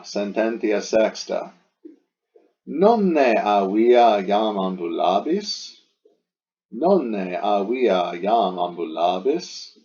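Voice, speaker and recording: A man teaches Latin in a recording that walks through exercise sentences, his low, warm voice heard with the highs cut off. He's patient, explaining every sentence and putting the questions another way.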